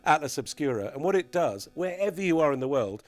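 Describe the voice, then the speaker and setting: A man's voice: on the high side, big pitch swings, a little fast, no echo. A middle-aged man, a podcast guest, telling mischievous stories in casual chat and laughing often.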